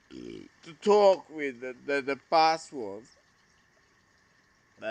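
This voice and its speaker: A man in a halting, emotional monologue to camera, often trailing off mid-sentence. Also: medium pitch, smooth, dry recording. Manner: halting, trailing off, addressing a lost brother. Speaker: vlogger.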